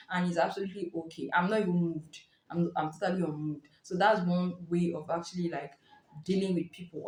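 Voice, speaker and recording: A woman giving a casual spoken book review, explaining in a lively way and acting out short reactions. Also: fairly low pitch. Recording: roomy echo.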